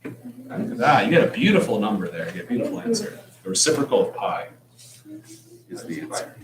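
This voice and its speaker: A man's voice: on the low side, huge pitch swings, fairly quick, background noise. A man teaching a calculus class, explaining problems in a casual, joking way. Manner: joking, conversational. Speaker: math teacher. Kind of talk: classroom lesson. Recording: echoey classroom, distant mic.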